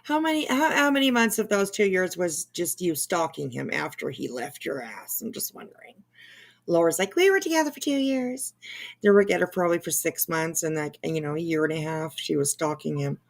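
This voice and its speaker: A woman hosting gossip commentary, mocking someone online and often trailing off into soft, whispered asides. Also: sits low, a little fast, gravelly. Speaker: commentary channel host.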